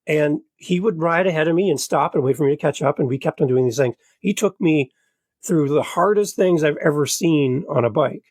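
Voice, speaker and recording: A middle-aged man, a podcast guest, telling a personal story in an animated, earnest, motivational way. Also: on the high side, a little fast, dry recording. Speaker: podcast guest and show host. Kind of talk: conversational storytelling.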